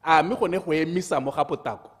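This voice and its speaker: Male mp firing off questions, bit higher voice, long hall echo. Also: fast. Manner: pressing, mixes local language with English terms. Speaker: member of parliament. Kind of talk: parliamentary questioning. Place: parliament chamber.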